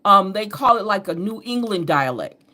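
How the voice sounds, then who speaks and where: A woman's voice: mid-range voice, expressive, moderate pace, bright, forceful tone. Chatty woman with a Southern drawl. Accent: Southern US drawl over an upstate New York base. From New York. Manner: chatty and rambling, with laughs and self-corrections. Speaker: host and astrology reader. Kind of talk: casual rambling chat.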